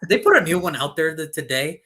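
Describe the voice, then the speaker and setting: Male co-host, joking sports picks, very lively pitch. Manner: animated, swears, quick jokes. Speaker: podcast co-host. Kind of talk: casual sports chat.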